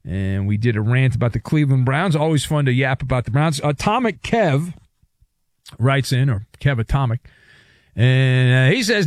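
Bombastic high-voiced sports radio man. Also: sing-song, moderate pace, no echo, clean studio sound. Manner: bombastic announcer flourishes. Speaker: radio show host. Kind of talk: late-night sports radio talk.

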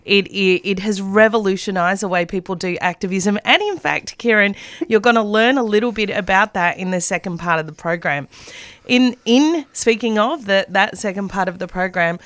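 An Australian woman hosting a community radio news show, friendly and measured, reading regional labour news. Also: mid-range voice, fairly bright tone, no room sound. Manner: friendly, measured, slight restarts. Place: radio studio.

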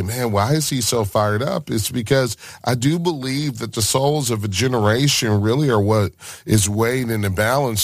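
A man's voice: fairly low pitch, no echo, studio quality. A man hosting a radio talk show, passionate and fired up. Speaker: radio host.

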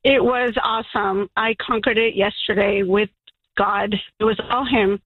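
Excited woman caller on a tinny phone line. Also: mid-range voice, measured pace, breathy edge, no echo. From Florida. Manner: excited and emotional. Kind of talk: call-in radio testimony.

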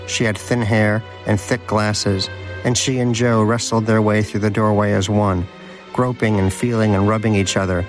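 Male narrator, low voice, wry, deadpan, audiobook, music behind. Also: normal speed.

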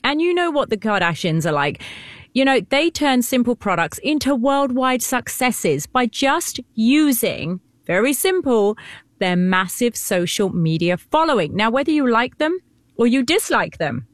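A woman with a British accent co-hosting a talk show, chatty and animated, laughing often. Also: a little high, a little slow, no room sound, clean studio sound. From Britain. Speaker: co-host. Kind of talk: casual chat.

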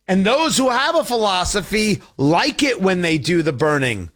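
A man's voice: sits high, very animated, normal speed, a bit bright. A man hosting a political talk show, delivering a combative, sarcastic monologue.

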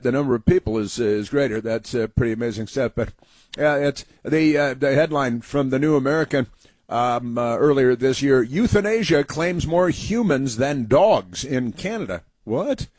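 Male host, sarcastic talk monologue, halting delivery full of fillers, mid-range voice, dry close recording. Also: mid-range voice, a little mellow, no room sound. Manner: sarcastic, halting with many fillers, mimics people in raised voices. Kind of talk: sarcastic monologue reading headlines.

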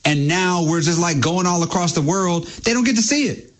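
A man co-hosting a radio show, rambling and excitable with lots of fillers. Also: sits high, moderate pace, slight background noise. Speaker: radio co-host. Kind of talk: radio talk. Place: radio studio.

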